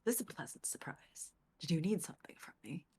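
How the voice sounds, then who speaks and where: A woman voicing a brisk, cheerful male detective with an attempted British accent and a whispery, breathy delivery. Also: lowish voice, big pitch swings, warm tone, heavily acted. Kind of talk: reading game dialogue aloud.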